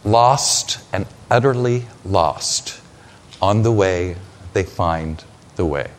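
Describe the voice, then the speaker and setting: A man preaching a sermon, retelling scripture as a story with dramatic pauses. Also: sits low, a little hiss or hum.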